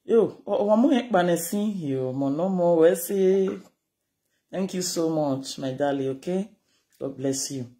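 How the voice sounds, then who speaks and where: Ranting casually to the camera, this Nigerian-accented speaker is animated and scolding, moving back and forth between Pidgin and Yoruba. The voice sits in the mid range and the delivery is unhurried.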